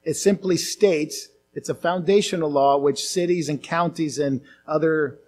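A male pastor preaching a conference sermon, animated, slipping into mocking quoted voices. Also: on the high side, a little slow, a little hiss or hum. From outside the US.

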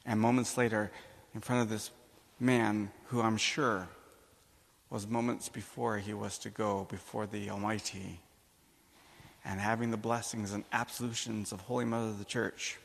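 A male priest giving a sermon, telling a personal story with animated, emphatic delivery and acting out the dialogue. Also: lowish voice, normal speed, creaky. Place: church or conference hall. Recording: long hall reverb.

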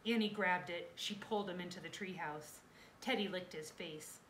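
A woman's voice: lowish voice, normal speed, a bit bright. A woman reads a children's chapter book aloud, lending the scenes drama and expression. Her voice sits in a roomy, echoing space with faint noise underneath. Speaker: reader.

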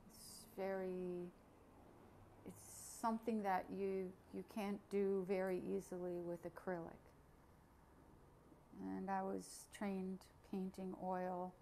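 A middle-aged woman painter giving a relaxed, casual tour of her studio, explaining how she works. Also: lowish voice, a little hiss or hum.

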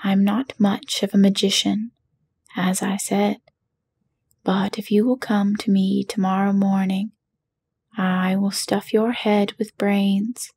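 A woman's voice: mid-range voice, flat delivery, takes it slowly, a little mellow, breathy edge. A woman voicing a humbled little man posing as a wizard, in whispered role-play with a meek, apologetic manner.

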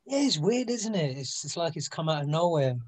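A man's voice: on the high side, sing-song, a little fast. A man guesting on a casual boxing chat, telling frank stories and acting out quotes. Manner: storytelling, acts out quotes, frank.

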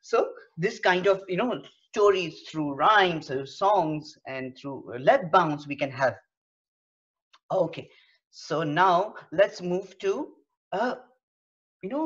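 A woman gives a storytelling lesson for early-years teachers, explaining her ideas at an unhurried, slow pace. She pauses often with fillers as she goes. The recording sounds dull and lo-fi. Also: low-pitched.

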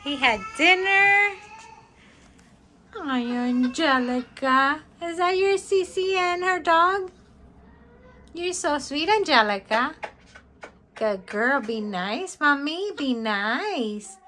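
A woman's voice: sits high, lively intonation, slow pace, bright, forceful tone, slight background noise. A woman vlogging at home, chatting casually and cooing in baby talk to her pet monkeys. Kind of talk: casual vlog chat.

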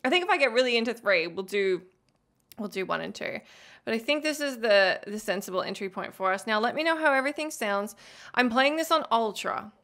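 A young woman chatting live with her viewers while gaming, bubbly and effusive, quick to laugh and to gush thanks. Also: fairly high pitch, lively intonation, a bit bright. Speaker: game streamer.

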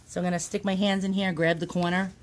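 A YouTube channel host, a woman with a fairly low, flat voice, talks fast through a casual home demonstration, filming indoors on a phone held in one hand. She's chatty and self-deprecating, full of ums and uhs, and sometimes out of breath. The recording has a little hiss or hum.

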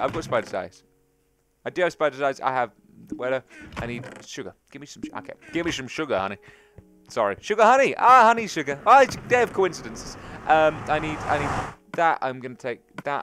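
A man's voice: fairly high pitch, a bit bright, a little hiss or hum. A man hosting a gaming let's play, thinking aloud as he plays and chatting eagerly to his viewers. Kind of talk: gameplay commentary.

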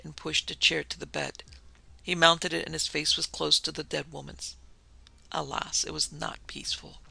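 A man narrating a gothic ghost story as a podcast host, in a measured, solemn reading style with a gravelly voice. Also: fairly high pitch, sharp tone, no room sound, rough recording.

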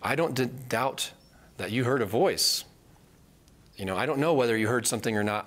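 A man gives conversational Bible teaching in an earnest way, repeating points with "right?" tag questions and acting out quoted voices in a higher pitch. His voice is expressive and fairly bright, at a moderate pace with long pauses.

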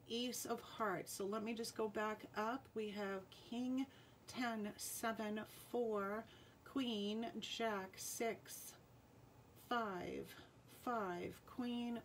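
A woman's voice: fairly high pitch, slight background noise. A woman with a Rhode Island accent hosting a live jewelry sale, chatting casually and reading out viewer names and playing cards. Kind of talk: live-stream sales chat.

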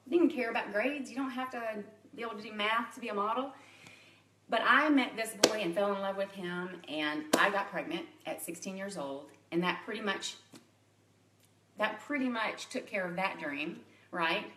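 A woman's voice: medium pitch, normal speed, distant mic, noisy background. Chatty woman in her forties, roomy sound. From Louisiana, USA. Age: 40s. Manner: chatty, open and personal, laughs at herself. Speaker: makeup artist and direct sales consultant. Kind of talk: candid live video chat to a private group.

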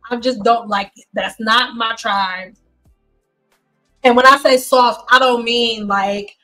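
A woman from Detroit hosts a hairstylist livestream, talking in a blunt, intense, joking way. Her voice sits a little high and sounds sharp and bright. Faint music plays behind her. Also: slow pace, low-quality recording. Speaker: hairstylist host. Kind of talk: livestream chat.

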